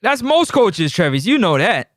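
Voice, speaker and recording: Man, call-in sports host, high voice, dry close sound, animated slangy talk. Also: moderate pace, no echo. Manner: animated, teasing, streetwise slang. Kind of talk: casual live sports talk.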